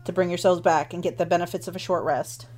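A woman's voice: fairly low pitch, fairly even intonation, a little mellow, a little hiss or hum. A woman running a tabletop game as game master, narrating at an easy pace with many fillers. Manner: unhurried, with many fillers like um and kinda.

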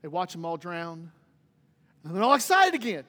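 Pastor guy preaching, really high voice, lively, acts out bits of the story, long church echo. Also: fast. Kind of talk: sermon. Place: church sanctuary.

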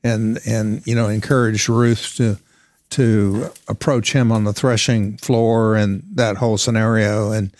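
A man's voice: fairly low pitch, steady tone, measured pace, darkish tone, dry recording. A man in a Bible study discussion who speaks thoughtfully and cautiously, often restarting his sentences.

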